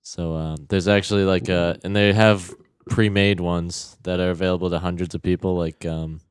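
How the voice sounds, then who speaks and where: Deep, smooth-voiced hesitant guy. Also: level tone, normal speed, no echo, studio quality. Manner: hesitant, lots of "uh" and "like". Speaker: podcast co-host. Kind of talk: casual chat.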